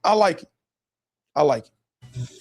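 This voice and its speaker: A man's voice: a little high, slow pace, vocal fry, breathy edge. A man hosting a live stream, giving casual, profane commentary and repeating himself as he reacts to clips. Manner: animated, repetitive, profane, talks over clips. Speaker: livestream host.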